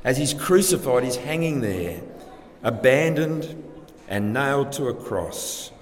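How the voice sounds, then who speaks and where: A man's voice: medium pitch, very animated, unhurried. Man preaching in a reverberant hall. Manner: earnest, rhetorical questions, varies loudness for emphasis. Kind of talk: sermon. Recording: long hall reverb, faint background ambience.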